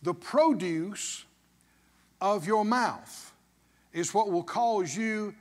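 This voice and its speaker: Male pastor, animated slow preaching, high voice, church hall echo. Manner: emphatic call-and-response preaching. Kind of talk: sermon.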